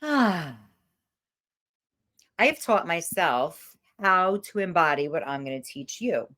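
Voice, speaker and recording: A woman's voice: on the low side, very animated, slow pace, fairly bright tone. Middle-aged lady running a live confidence masterclass, sassy and emphatic, lots of up and down in her voice. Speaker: confidence coach.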